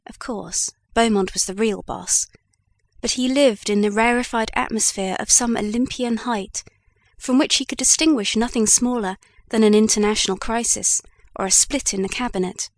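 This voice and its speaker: A woman narrating an audiobook in an even, measured storytelling manner. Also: on the high side, dry recording. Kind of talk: scripted narration.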